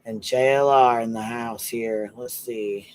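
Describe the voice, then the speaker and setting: A man's voice: medium pitch, fairly even intonation, a little slow, a little hiss or hum, low-quality recording. Slangy man hosting a livestream. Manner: slangy, repetitive check-ins with viewers. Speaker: livestream host. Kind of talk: casual livestream chat.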